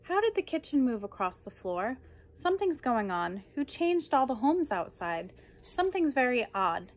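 A woman reading humorous poems aloud with deadpan, dry comic timing. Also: high-pitched, normal speed. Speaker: reader.

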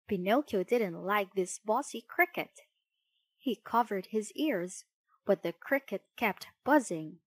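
Woman storyteller, lively melody, slow pace, dry close sound. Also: medium pitch, dry recording. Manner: expressive, unhurried. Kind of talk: children's storybook narration.

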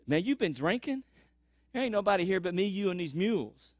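A frightened young servant, done by a preacher blurts out in alarm, voice jumping high. He is incredulous and jittery. The recording is dull and dry. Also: sing-song, brisk, no echo.

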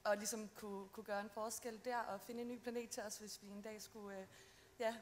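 Fast, rambling woman contestant. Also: medium pitch, flat delivery, slight background noise. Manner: rambling, hesitant. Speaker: pageant contestant. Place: live pageant stage.

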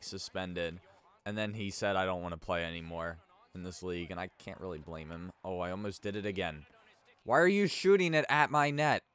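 A man's voice: low voice, fairly bright tone, clear, resonant tone. A young man casually chatting and telling stories while playing a hockey video game, rambling with lots of "like" and sudden outbursts at his own mistakes. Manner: rambling storytelling with frequent "like", bursts of frustration at the game. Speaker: gaming YouTuber. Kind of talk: casual let's-play commentary.

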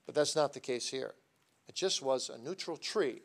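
A man lecturing at a seminary, telling stories animatedly and swinging between soft asides and loud, emphatic points. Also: mid-range voice, animated, normal speed. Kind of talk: classroom lecture.

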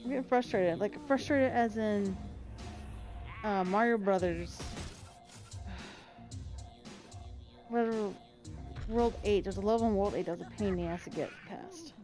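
A young woman commentating her gameplay, getting frustrated, swearing and yelling as she plays. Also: lively intonation, measured pace, long pauses, soft background music. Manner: frustrated, swearing, pitch jumping into yells. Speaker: gaming video creator.

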